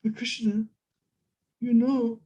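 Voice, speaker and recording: A man voicing a young goddess who pleads softly with her beloved, in a raised, gentle voice. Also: very high voice, flat delivery, takes it slowly, pitched above the performer's own voice, exaggerated voice. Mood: pleading. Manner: soft pleading voice.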